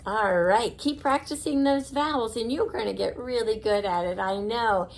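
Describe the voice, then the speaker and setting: A woman teaching young children the vowel sounds, drawing out each sound slowly and praising them. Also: on the high side, animated, gravelly. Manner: slow, sing-song, drawn-out repeated sounds, encouraging; warm praise and soft blessing to close. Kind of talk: slow phonics lesson for children.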